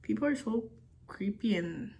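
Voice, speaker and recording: A woman's voice: medium pitch, expressive, a little slow, mellow. A young woman vlogging, telling a story while doing her makeup, chatty and full of fillers, swearing casually.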